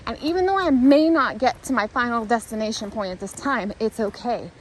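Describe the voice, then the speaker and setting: A woman's voice: on the high side, brisk, slight background noise, low-quality recording. A woman talking to the camera while walking a hiking trail outdoors, thinking aloud in an earnest, rambling, reflective way. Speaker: vlogger.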